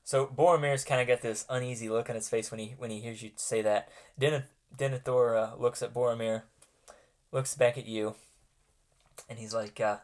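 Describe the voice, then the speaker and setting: A man runs a tabletop role-playing game as its game master, describing scenes to his players. He narrates haltingly, with many ums and restarts along the way. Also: mid-range voice, steady tone, darkish tone.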